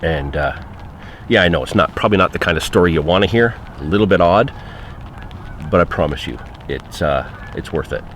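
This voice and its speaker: A man with a very low voice tells a fishing story in a loose, conversational way, leaning on fillers as he goes. Faint outdoor noise sits behind him. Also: lively intonation, a little fast, fairly bright tone. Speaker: angler recounting a trip. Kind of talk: casual spoken anecdote.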